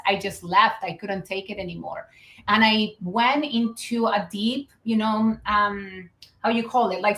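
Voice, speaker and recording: A woman's voice: medium pitch, fairly bright tone. Earnest Chilean-accented woman in an echoey room. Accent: Chilean Spanish. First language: Spanish. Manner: earnest, reflective, with many fillers. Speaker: guest, business founder. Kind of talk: conversational interview.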